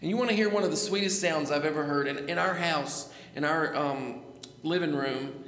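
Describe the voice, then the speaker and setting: A man in middle age preaches from the pulpit, calling on the congregation for amens. His voice sits high and sounds bright and forceful, with a gravelly edge. The sound rings out in a church with a long, echoey reverb. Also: moderate pace. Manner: preaching with call-and-response, repeating phrases. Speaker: pastor. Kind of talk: sermon. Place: church sanctuary.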